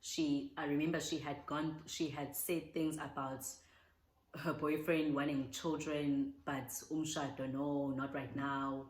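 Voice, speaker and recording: A woman's voice: low-pitched, little pitch movement, a little slow, echoey room, low-quality recording. A young South African woman chatting heartfelt and casual as she answers viewer questions, slipping in Zulu words. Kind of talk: casual Q&A chat.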